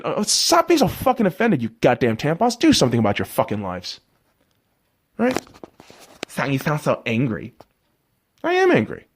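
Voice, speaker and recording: A man hosting his own podcast, ranting loudly with heavy swearing and exasperation. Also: high voice. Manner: loud, profane, exasperated ranting. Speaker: podcast host.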